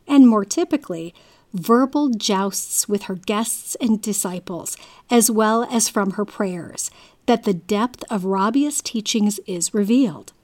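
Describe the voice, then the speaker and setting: A woman giving a scripted narration, reading in a measured, deliberate way. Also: a little high, darkish tone.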